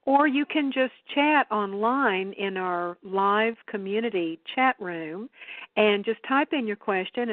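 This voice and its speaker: Slow-spoken woman hosting over a phone line. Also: mid-range voice, no room sound. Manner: measured, inviting listeners to call in. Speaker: radio show host. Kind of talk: hosting a call-in radio talk show.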